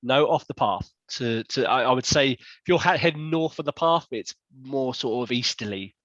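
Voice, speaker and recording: A man runs a tabletop game as its game master, describing scenes in a loose, rambling way that keeps correcting itself. His voice sits at a middling pitch. The audio is dull and dry, with no room sound. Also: moderate pace, fairly bright tone, no echo.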